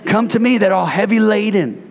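A man preaching an energetic sermon as pastor, playful and call-and-response, bursting into shouts. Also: high-pitched, fairly quick, gravelly. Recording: reverberant hall.

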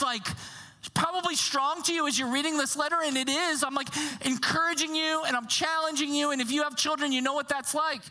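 A woman pastor delivering a sermon in an animated, conversational way, sometimes dropping to a hushed tone for emphasis. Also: high-pitched. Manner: animated, conversational preaching with acted quotes.

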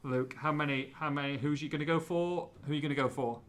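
A man's voice: a little high, fast. A man hosting a casual podcast, running a quiz with upbeat, bantering energy. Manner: upbeat, bantering, lively delivery. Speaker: podcast host.

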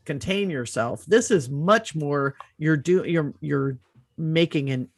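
A woman's voice: low voice, slow, no echo. Thoughtful woman with a dry sound. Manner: thoughtful, explains at length, plays out quotes. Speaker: podcast co-host. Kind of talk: casual chat.

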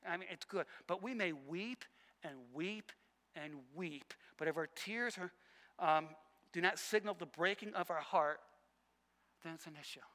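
A male pastor preaching a sermon, emphatic and repetitive, swinging between loud passages and hushed ones. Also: high-pitched, a little slow, long reverb tail.

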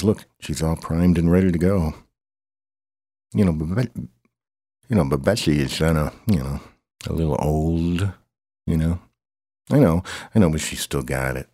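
Low, dark-voiced man improvising a story, rambling and excitable. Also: breathy edge, no echo, clean studio sound. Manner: rambling, excitable, with grunts and humming.

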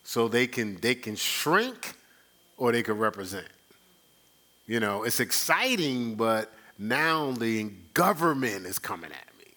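A man pastor teaching a conversational sermon, animated, acting out quoted exchanges with a rising voice and chuckling between points. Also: mid-range voice, measured pace. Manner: frequent fillers and restarts, chuckles.

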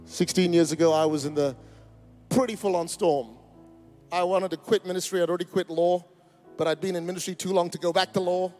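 A man's voice: sits high, fairly even intonation, a little fast, a little mellow, soft background music. A man, preaching a sermon in a church, emphatic and rousing with joking asides. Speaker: pastor. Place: church auditorium.

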